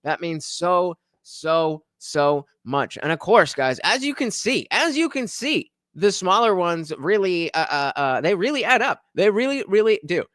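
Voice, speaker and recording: A man hosting a live stream, reacting to a clip and excitedly thanking donors, sometimes breaking into shouts. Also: high voice, measured pace, few pauses, no room sound. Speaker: livestream reaction host. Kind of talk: casual live-stream chat.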